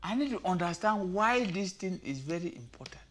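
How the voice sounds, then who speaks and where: A man with a Cameroonian Pidgin accent giving comic commentary, animated and switching between languages, sometimes shouting. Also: high voice, fairly quick. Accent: Cameroonian Pidgin English. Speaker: comedy commentator.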